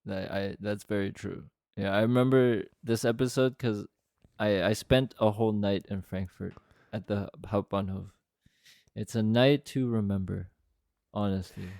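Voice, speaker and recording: A man's voice: lowish voice, moderate pace, creaky, a little mellow, no room sound, clean studio sound. A man co-hosting a casual podcast, joking, laughing often and acting out the people in his stories. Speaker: podcast co-host. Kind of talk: casual chat.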